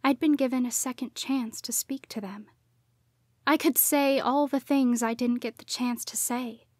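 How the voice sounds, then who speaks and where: A woman narrating a first-person audiobook in a hushed voice that often drops to a whisper. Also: sits high, steady tone, measured pace, no echo, studio quality.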